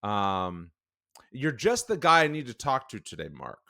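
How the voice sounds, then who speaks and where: A man's voice: mid-range voice, sing-song, measured pace, gravelly, bright, forceful tone, no echo, studio quality. A man hosting an interview podcast, asking long, wandering questions. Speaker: podcast host.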